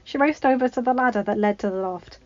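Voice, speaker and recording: A woman reading a fanfiction story aloud in a plain, steady narration. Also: a little high, quick pace, no room sound. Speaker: fanfiction reader. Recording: slightly dull lo-fi recording.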